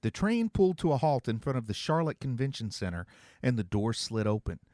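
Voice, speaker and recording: A man reading his own novel aloud as an expressive storyteller. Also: mid-range voice, fairly quick, no echo, clean studio sound. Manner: expressive storytelling, voicing several characters. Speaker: author and narrator. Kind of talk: scripted narration.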